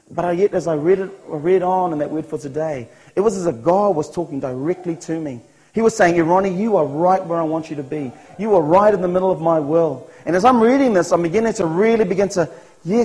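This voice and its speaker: A man's voice: sits high, a little mellow, poor audio. A man with a New Zealand accent telling his personal testimony as a sermon, earnest, acting out his own thoughts along the way. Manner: earnest storytelling, voicing his own thoughts, chuckles at himself. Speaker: speaker giving a personal testimony.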